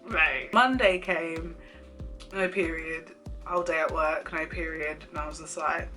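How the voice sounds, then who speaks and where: A young woman with a bright, forward voice tells a personal story straight to camera. She is animated, laughs often and acts out what people said, with faint music behind her. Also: deep voice, measured pace. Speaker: vlogger. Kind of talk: casual storytime chat.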